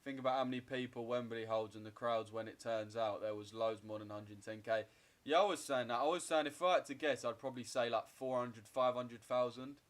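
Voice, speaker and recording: Brisk and medium-pitched, this man in his 20s streams his trading live, casually swearing and bantering as he responds to comments from viewers.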